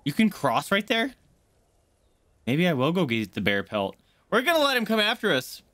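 A man live-streaming a game, chatting casually and excitably with his viewers from a home setup. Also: high-pitched, moderate pace, no echo. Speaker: gaming streamer.

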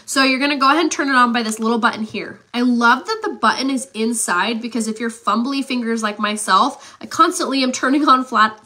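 A woman's voice: on the high side, fairly quick, few pauses, pushed and bright. A congested woman in her thirties hosting a live beauty demo and giveaway, chatty and upbeat with lots of fillers. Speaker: beauty livestream host.

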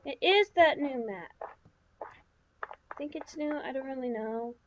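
High-pitched and slow, this woman rambles through let's-play commentary for her gaming channel, chatting to herself with plenty of fillers. The audio is dull, with slight background noise.

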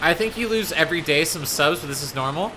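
A young man chatting to his viewers and reacting loudly while he streams a game, with frequent panicky outbursts. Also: fairly high pitch, lively intonation, fast, noisy background. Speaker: gaming streamer. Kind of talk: live gameplay commentary. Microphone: desk microphone.

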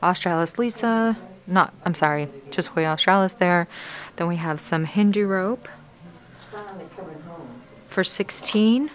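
Browsing a plant nursery, a young woman narrates a casual shopping vlog, gushing excitedly over what she finds. She speaks slowly in a lowish voice, pausing often.

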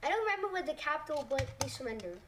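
A high-pitched woman talks through a map scenario in loose, casual narration. She hesitates a lot, fills gaps with little words and corrects herself mid-sentence. She sits well away from the mic, with a faint hiss behind her. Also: big pitch swings, very fast, recorded from a distance. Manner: hesitant, full of "like" and self-corrections.

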